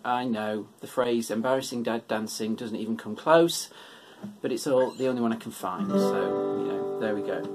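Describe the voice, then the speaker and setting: A man leading children's worship, reading a picture book aloud in a relaxed, gentle, self-deprecating way. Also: mid-range voice, moderate pace, over loud music.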